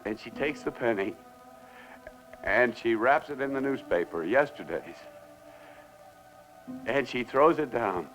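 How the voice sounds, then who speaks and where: An actor playing an obsessed man in a 1960s television drama, swinging between whispers and shouts as he raves about money. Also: medium pitch, expressive, unhurried, pauses often, soft background music. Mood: exalted.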